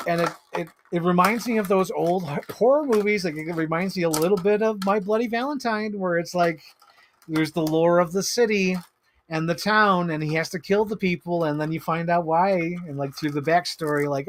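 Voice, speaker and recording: A man chatting casually on a live stream about his toy collection, excitable and rambling, swearing freely. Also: high voice, moderate pace.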